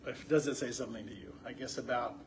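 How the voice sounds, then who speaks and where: A man's voice: medium pitch, quick pace, background noise. A man leading a Bible study, asking the group questions and reading passages aloud with rising emphasis. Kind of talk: conversational Bible teaching.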